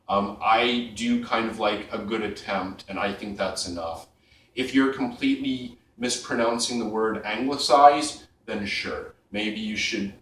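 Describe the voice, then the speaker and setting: A man's voice: fairly low pitch, a bit bright, reverberant, recorded from a distance. A man vlogging casually about fragrances, rambling with many ums and getting sarcastic and exasperated about pronunciation sticklers. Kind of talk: casual opinion vlog.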